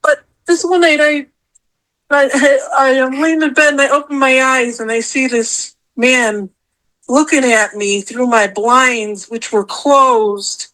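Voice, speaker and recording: A middle-aged woman telling her own story as a podcast guest, acting out what she said in a high, animated voice. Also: slow, low-quality recording. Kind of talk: casual storytelling interview.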